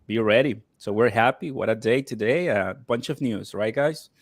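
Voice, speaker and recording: A man's voice: lowish voice, moderate pace, no room sound, studio quality. A man joining a casual live chat as a guest, greeting everyone in a friendly way with a few fillers. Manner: friendly, welcoming, filler-heavy.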